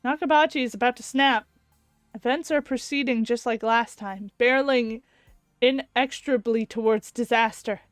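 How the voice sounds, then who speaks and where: A woman's voice: fairly high pitch, fairly even intonation, moderate pace, no echo, studio quality, soft background music, natural voice. A woman narrating as a desperate young male scientist. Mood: tense. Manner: tense, brooding inner monologue. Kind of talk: reading a visual novel aloud.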